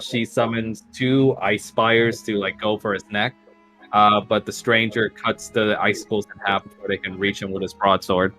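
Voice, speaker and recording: A man's voice: lowish voice, a bit bright, low-quality recording. A man narrating a tabletop game as game master, casual and full of fillers.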